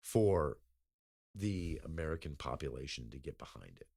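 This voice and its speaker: Very deep-voiced man, rambling casual chat. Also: lively intonation, moderate pace, gravelly, dark tone, husky. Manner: rambling, profane, laughs often. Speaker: podcast co-host.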